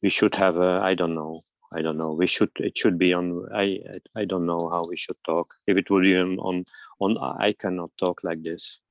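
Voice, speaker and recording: A man's voice: low-pitched, level tone, normal speed, no echo. A man in an online group meeting who speaks hesitantly, stammering and breaking off mid-sentence. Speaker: meeting participant. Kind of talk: halting personal talk in an online meeting.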